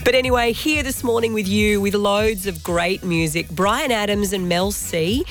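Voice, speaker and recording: A woman radio host with a croaky voice from a head cold, chatting in a confiding, casual way between songs. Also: medium pitch, normal speed, faint music behind. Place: radio studio.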